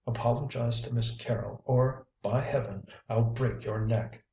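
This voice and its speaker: A man's voice: mid-range voice, fairly even intonation, unhurried, creaky, a little mellow, dull audio. A man reading a stern, hot-tempered sailor. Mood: angry. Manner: stern, commanding. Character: hot-tempered strong young sailor, masterful. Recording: roomy, distant mic.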